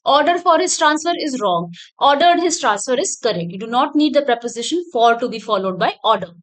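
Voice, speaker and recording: High-voiced woman teaching. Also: expressive, brisk. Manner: explanatory, repeats points with fillers. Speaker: English teacher. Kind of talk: recorded exam-prep lecture.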